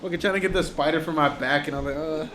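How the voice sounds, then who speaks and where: Young guy w a pretty high voice, laughy animated storytelling, bit of faint background noise. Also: very fast. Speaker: podcast co-host. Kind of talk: casual chat.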